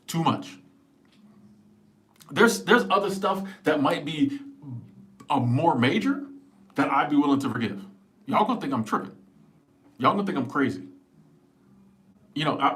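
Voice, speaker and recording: Animated man in his forties chatting live. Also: mid-range voice. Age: 40s. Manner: animated, emphatic, joking. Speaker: live-stream host. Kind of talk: casual live-stream chat answering viewers. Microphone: small wireless clip-on mic.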